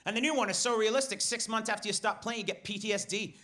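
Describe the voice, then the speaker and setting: Fast, high-voiced British comic on stage. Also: male voice. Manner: fast, animated, profane, shifts into shouted inner voices. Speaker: stand-up comedian. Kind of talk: stand-up comedy set. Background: audience laughter.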